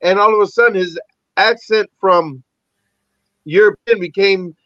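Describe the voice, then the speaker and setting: A man, an actor and army veteran, telling animated, profanity-laced stories as a podcast guest. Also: high voice, unhurried, no echo. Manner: animated, rambling, heavy swearing. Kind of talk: casual storytelling interview. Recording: dull lo-fi dry recording.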